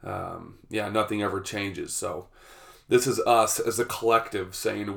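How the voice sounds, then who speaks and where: A man's voice: fairly low pitch, steady tone, unhurried, gravelly, a bit bright. A man, hosting a casual solo podcast, a bit congested from a cold, chatty and laughing often. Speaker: podcast host.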